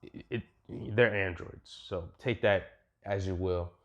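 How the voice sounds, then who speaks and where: Young dude rambling through a fan what-if story, swears a lot, super slangy. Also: male voice, low voice, steady tone, slow pace, muffled recording. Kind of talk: casual fan what-if retelling.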